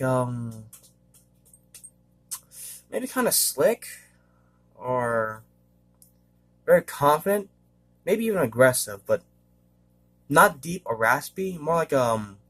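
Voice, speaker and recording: Husky-voiced man rambling casually. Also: fairly high pitch. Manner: rambling and hesitant, many fillers; frequent throat-clearing. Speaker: vlogger. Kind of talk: casual monologue.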